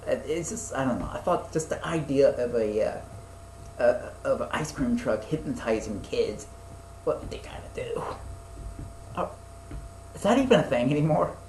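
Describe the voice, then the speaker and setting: A man's voice: medium pitch, animated, normal speed, long pauses, darkish tone, roomy sound, a little hiss or hum, rough recording. A young man chatting casually as a podcast co-host, rambling with lots of fillers, restarts and swearing. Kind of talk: casual chat.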